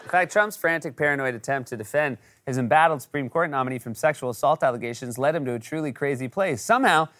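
A man's voice: medium pitch, quick pace, few pauses, a bit bright, slight background noise. A man hosting a late-night comedy show, delivering a scripted monologue with wry, punchy timing.

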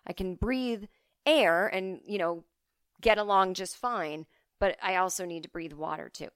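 A woman's voice: fairly low pitch, unhurried, clear, resonant tone, no room sound, natural voice. A woman voicing a blunt, laid-back half-man half-fish guy who talks in a matter-of-fact, slightly annoyed way.

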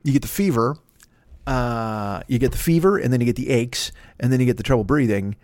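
A man's voice: mid-range voice, a little fast, a little mellow, no echo, clean studio sound. Rambling, profane comedian man. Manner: profane, self-deprecating, jumps between tangents and mock voices. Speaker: comedian podcast host.

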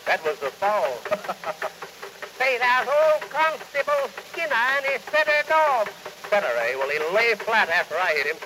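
A man's voice: high-pitched, sing-song, a little slow, long pauses, bright, forceful tone, no room sound, exaggerated voice, low-quality recording. A man playing a brash, reckless motorist. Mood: wisecracking. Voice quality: hard to understand, with an unexplained accent. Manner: boastful wisecracking patter. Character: brash reckless male motorist joking darkly. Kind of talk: early 1900s recorded comedy sketch.

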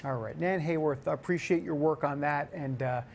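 A male show host giving animated, opinionated news commentary, laughing and sounding mock-incredulous. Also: fairly high pitch, normal speed, gravelly.

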